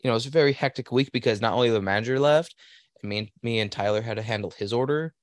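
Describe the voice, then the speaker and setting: A man's voice: medium pitch, rapid-fire, dry recording, studio quality. A young man on a podcast telling a rambling work story in a casual, profane way. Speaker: podcast host. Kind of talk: casual chat.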